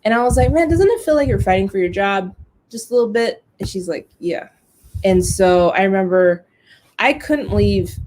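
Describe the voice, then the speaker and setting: A woman's voice: lowish voice, a little hiss or hum. Candid, profane woman telling a story. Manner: candid and profane, emotional, animated quoting. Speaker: podcast host. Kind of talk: casual storytelling monologue.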